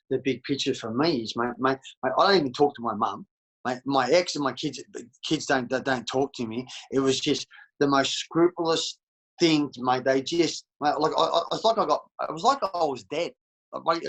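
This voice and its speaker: Blunt Australian man, husky voice. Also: medium pitch, moderate pace, a bit bright, low-quality recording. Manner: blunt and profane, calls everyone mate. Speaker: interview guest. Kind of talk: candid casual interview.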